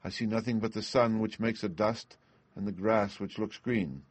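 A man voicing a young sister reporting from a tower in a quiet, measured way. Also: on the low side, fairly even intonation, no room sound, lightly acted. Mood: calm.

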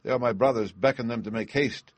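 Man doing a scared young wife, begging, voice pushed up higher, dry and close. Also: quick pace, no echo, natural voice. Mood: relieved. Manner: desperate, pleading. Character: terrified pleading young wife.

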